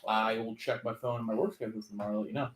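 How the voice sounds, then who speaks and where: A man's voice: lowish voice, fairly even intonation, racing. A man joking and teasing in a casual chat during a card game. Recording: echoey room, faint noise, card clicks.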